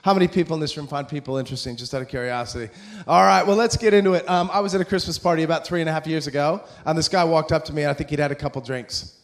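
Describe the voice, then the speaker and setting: American guy in his 40s, high-ish voice, excitable motivational speaker joking with a school crowd. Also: rapid-fire. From USA. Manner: excitable, animated, jokey. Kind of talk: live motivational talk.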